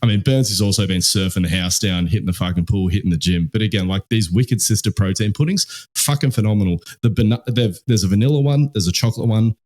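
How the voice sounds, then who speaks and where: Swearing Australian man, lowish voice. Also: fast, few pauses, a little mellow. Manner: swears constantly, rambling storyteller. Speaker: podcast host. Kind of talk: casual podcast chat.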